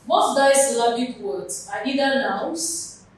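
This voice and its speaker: A woman from Nigeria teaching an exam lesson in a slow, deliberate way, repeating and spelling out words at a board in a classroom. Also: fairly high pitch, lively intonation. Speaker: exam tutor. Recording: echoey room from far off with faint noise.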